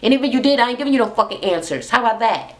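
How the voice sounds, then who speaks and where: A woman's voice: a little high, expressive, racing, pitched above the performer's own voice, close to an everyday voice. A woman mimicking a belligerent young woman who curses and snaps defensively, in a video recap. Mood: furious. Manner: profane, snapping, defensive.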